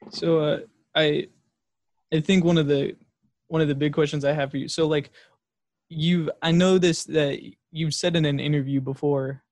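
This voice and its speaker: A man co-hosting an interview, earnest and halting, leaning on fillers. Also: on the high side, fairly even intonation, a little mellow, dry recording. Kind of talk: casual interview.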